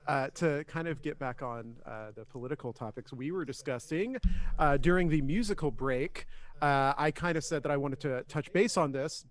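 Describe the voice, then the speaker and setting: A man's voice: on the high side, moderate pace. Rambling, swearing male podcast co-host. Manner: rambling, swears often, many restarts. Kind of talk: casual chat.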